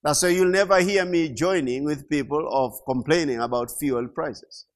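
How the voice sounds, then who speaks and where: A middle-aged man preaching a sermon, slow and emphatic, repeating key phrases and rising to loud peaks. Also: on the high side. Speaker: pastor.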